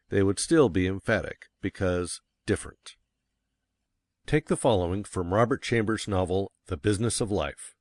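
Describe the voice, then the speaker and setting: Deep-voiced man reading an old text. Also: no echo. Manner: measured, stresses key words. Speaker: narrator. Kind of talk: audiobook reading of a classic text.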